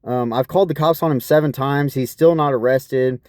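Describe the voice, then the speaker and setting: A man's voice: mid-range voice, brisk, darkish tone, dry recording, clean studio sound. A man telling a rambling personal story in an aggrieved, profane way, asking again and again what is wrong with people. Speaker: vlogger.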